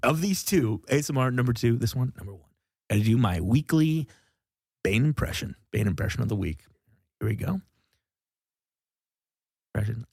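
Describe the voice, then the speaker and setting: A man's voice: medium pitch, animated, moderate pace, creaky, long pauses, darkish tone, slightly rough, no room sound, studio quality. A young man hosting a casual comedy podcast, joking around and laughing often. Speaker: podcast host.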